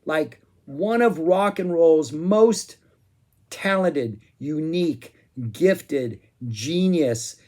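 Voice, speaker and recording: A man giving a casual spoken music review, excitable and rambling, with frequent "um"s and asides. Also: fairly high pitch, extremely slow.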